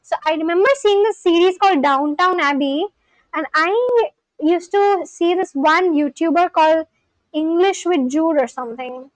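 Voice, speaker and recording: A woman's voice: very high voice, moderate pace, dry recording, rough recording. A woman casually rambling on a livestream, reading out viewer comments and answering them. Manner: rambling, reads chat aloud and answers it. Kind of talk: casual live-stream chat.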